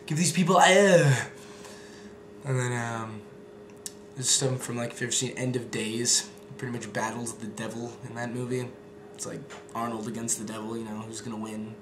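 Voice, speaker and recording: A man's voice: mid-range voice, level tone, a little fast, hardly any pauses. A young man chatting casually and rambling, with lots of fillers and swearing. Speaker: video maker. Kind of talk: casual vlog chat. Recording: echoey room with background noise.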